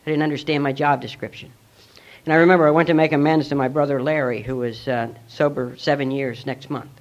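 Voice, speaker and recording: A man's voice: fairly high pitch, fairly even intonation, fairly quick. A middle-aged man giving a personal testimony at a recovery meeting, earnest and reflective as he tells his story. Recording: dull lo-fi recording.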